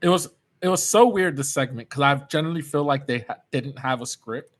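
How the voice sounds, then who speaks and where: A man's voice: medium pitch, fairly quick. Stammering chatty male co-host. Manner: stammers on repeated words, chatty. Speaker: podcast co-host. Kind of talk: casual chat.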